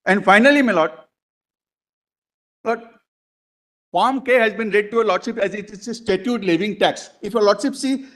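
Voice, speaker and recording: A male advocate makes his case to the bench in a courtroom, his voice sitting noticeably high for a man. He speaks in halting, piled-up clauses and calls the bench "my lord" every few words as he walks through pages and paragraphs. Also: a bit bright. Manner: addresses the bench as "my lord" constantly, halting restarts. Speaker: advocate arguing before a court. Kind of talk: courtroom legal argument.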